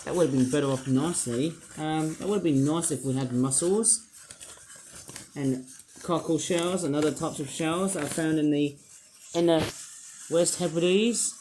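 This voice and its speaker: A man's voice: on the high side, moderate pace, a little mellow, slight background noise, rough recording. A man reviewing toy figures and rambling with puns and fillers as he unboxes them. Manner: rambling, punning, full of fillers. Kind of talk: unboxing commentary.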